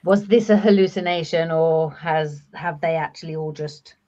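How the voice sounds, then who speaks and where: A woman's voice: deep voice, steady tone, moderate pace, warm tone, muffled recording. A woman playing in a tabletop role-playing game, talking casually and restarting her sentences. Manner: chatty, with restarts. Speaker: player.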